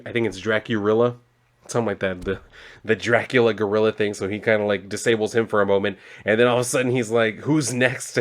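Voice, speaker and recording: A man casually recapping a comic book, loose and rambling, full of fillers and laughs. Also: medium pitch. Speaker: comic reviewer.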